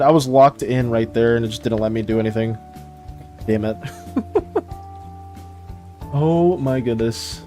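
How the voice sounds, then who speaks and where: A man's voice: mid-range voice, unhurried, pauses often, a little mellow, faint music behind. A man streaming while he draws, chatting casually with viewers, laughing often and repeating himself. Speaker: art streamer. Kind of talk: casual livestream chat while drawing.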